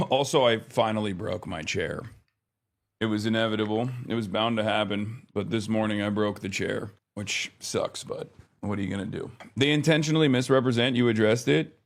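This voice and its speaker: A man in his thirties chatting casually on a live stream, rambling, often exasperated, swearing now and then. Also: lowish voice.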